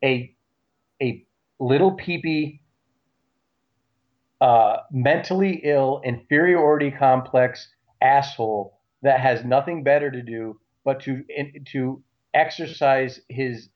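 A man telling a story in casual talk, animated and repeating words as he goes. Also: mid-range voice, slow. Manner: animated, acts out shouting cops; repeats words and restarts often. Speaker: guest recounting a story. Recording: slightly dull lo-fi audio.

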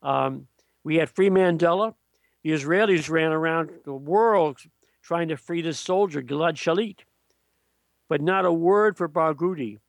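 A man's voice: a little high, a little slow, creaky, no room sound. A man giving blunt, scornful political commentary as an interview guest, often restarting his sentences.

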